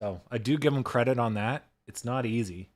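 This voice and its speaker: A man hosting a casual livestream, talking in a relaxed, loose way and swearing freely into a desk microphone. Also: mid-range voice, brisk, no room sound. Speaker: livestream host.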